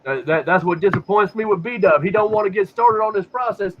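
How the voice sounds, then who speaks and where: A man's voice: high voice, a little fast, background noise. Profane, rambling man on a lo-fi podcast. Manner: profane, rambling, repeats words when stuck. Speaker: podcast host. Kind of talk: casual conspiracy talk. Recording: dull lo-fi sound.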